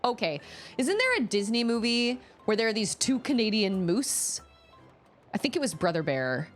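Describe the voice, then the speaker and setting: A woman's voice: fairly high pitch, sing-song, moderate pace, faint music behind. A young adult woman live-streaming a video game, chatting casually and giggling, with lots of "like" and "um". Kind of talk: casual live-stream chat while gaming.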